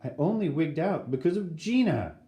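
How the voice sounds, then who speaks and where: A man voicing a brash, excitable schoolboy who talks in indignant, dramatic bursts. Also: on the high side, normal speed. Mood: grumbling. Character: brash, excitable eleven-year-old boy. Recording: roomy echo.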